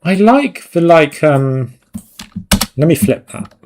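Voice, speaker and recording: A man's voice: fairly high pitch, big pitch swings, slow pace, background noise. A man chatting casually and swearing while he paints on a live stream, rambling and self-mocking. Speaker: digital art streamer.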